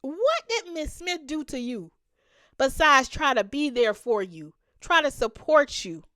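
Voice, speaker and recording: A woman's voice: sits high, big pitch swings, unhurried, pushed and bright, no room sound, studio quality. A woman hosting a reaction video, talking emphatically to her viewers and laughing often. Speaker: reaction channel host. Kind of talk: reaction commentary.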